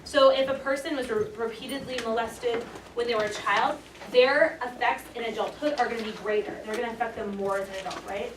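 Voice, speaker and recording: A woman's voice: on the high side, fairly even intonation, brisk, hardly any pauses. A woman teaching a class, upbeat and encouraging, playfully hyping the lesson. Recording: echoey room, mic far off, noisy.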